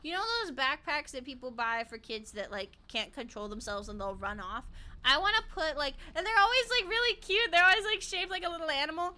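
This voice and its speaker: A woman's voice: sits high, animated, a little fast, pushed and bright. A woman streaming a game, chatting casually, giggling and rambling, sometimes breaking into playful chants. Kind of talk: casual gameplay commentary.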